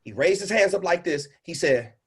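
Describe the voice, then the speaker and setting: A man coaching a caller on a livestream. He is animated and instructive and swings between loud and hushed delivery. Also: high voice, moderate pace, husky. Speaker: speaking coach and host.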